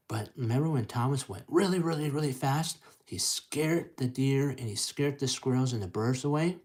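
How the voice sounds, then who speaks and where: A man's voice: medium pitch, moderate pace, hardly any pauses. Encouraging man reading a picture book aloud. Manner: encouraging, lively, drops to whispers and chugging sounds. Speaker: storytime reader.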